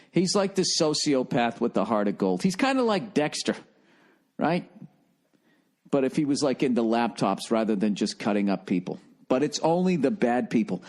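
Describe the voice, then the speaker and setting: A man's voice: medium pitch, darkish tone. A man hosting a comedy podcast, ranting in a profane, rambling monologue. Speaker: podcast host.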